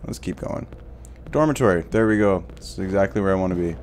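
A man's voice: low-pitched, fast talker, a little mellow, slight background noise. Furious swearing man playing a game. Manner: angry, swearing, frustrated outbursts. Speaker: gameplay commentator. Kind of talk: let's play commentary.

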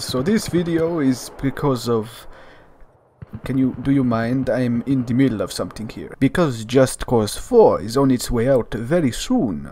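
A man playing a cocky action hero in a put-on, faltering foreign accent, hamming it up over gameplay and muttering low asides. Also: darkish tone, breathy edge, exaggerated voice. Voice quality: boastful, hammy, drops to low mutters for asides. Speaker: gaming YouTuber. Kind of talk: comedic gameplay commentary in character.

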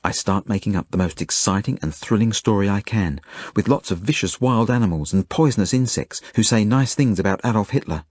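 A man reading his own novel aloud as a first-person audiobook, earnest and measured. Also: on the low side, lively intonation, husky, dry recording. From Australia. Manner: earnest, measured, gentle storytelling.

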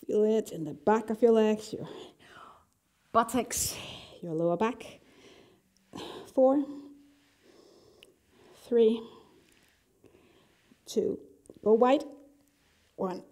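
Lady fitness teacher, slow and easy pace, chatty and upbeat, laughs a lot while counting reps. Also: on the high side, darkish tone. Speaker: fitness instructor. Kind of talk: workout instruction.

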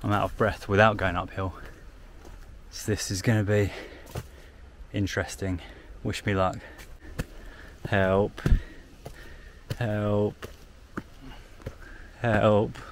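A young man chatting casually while walking through the countryside for his vlog, amused and talkative, filming on a handheld camera. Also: on the low side. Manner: chatty, amused commentary with frequent "like". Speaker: walking vlogger. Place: outdoors, countryside fields and villages. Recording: outdoor noise, wind and passing traffic.

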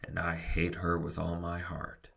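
A man's voice: monotone, a little slow, bright, forceful tone, heavily acted. A man doing a fussy, bellowing boat owner. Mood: grumbling. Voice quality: deep gravelly voice. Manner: indignant bellowing. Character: fussy grown man who owns a model schooner.

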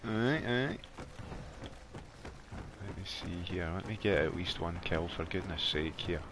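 A Scottish man chatting casually with viewers while streaming a game from his warm bedroom, laughing often. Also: deep voice, expressive, a little slow, background noise. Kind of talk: casual live gameplay chat.

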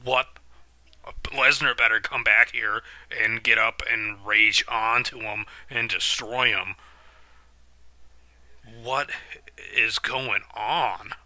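A man with a fairly low voice and slow pace hosts a reaction channel, excitably commentating live on a wrestling match and swearing when outraged. The recording is dry.

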